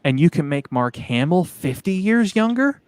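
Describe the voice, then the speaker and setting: A man's voice: on the high side, very animated, moderate pace, clear, resonant tone, dry recording. Argumentative man, dry close sound. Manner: argumentative, rhetorical questions. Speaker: guest. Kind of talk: casual group review chat.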